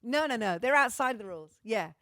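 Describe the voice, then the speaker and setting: A woman's voice: fairly high pitch, animated, fast talker, bright, forceful tone, no echo, studio quality. A middle-aged woman from Britain chatting cheekily to her fans, swearing freely and joking in a theatrical way. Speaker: vlogger and singer. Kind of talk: casual sweary monologue to fans.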